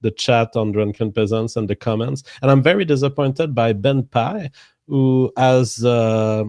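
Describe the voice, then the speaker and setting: A man with a mid-pitched voice, talking haltingly in a casual livestream chat and stopping often on "uh" and restarts. The recording is dry and close. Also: dark tone, no room sound. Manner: halting, full of "uh" pauses and restarts.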